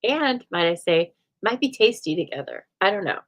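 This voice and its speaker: A woman's voice: mid-range voice, lively intonation, moderate pace. A woman hosting a live stamping demonstration, chatting playfully and answering viewer comments as she works. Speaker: craft show host. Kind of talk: live stamping demo chat.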